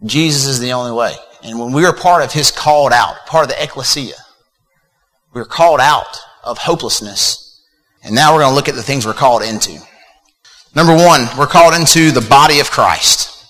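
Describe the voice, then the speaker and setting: A man's voice: medium pitch, moderate pace, pushed and bright. A man preaching a sermon in a casual, conversational way, with fillers and repeated words. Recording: long reverb of a hall.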